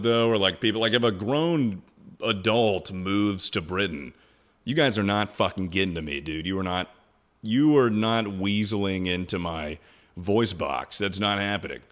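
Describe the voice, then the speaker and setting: During a casual livestream chat, a man jokes around loosely, curses frequently and addresses everyone as "dude." He has a lowish, slightly bright voice.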